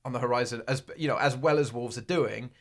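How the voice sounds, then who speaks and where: A man's voice: mid-range voice, fast talker. A man co-hosting a casual football podcast, rambling through results with restarts and the odd blunt rant. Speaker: podcast co-host.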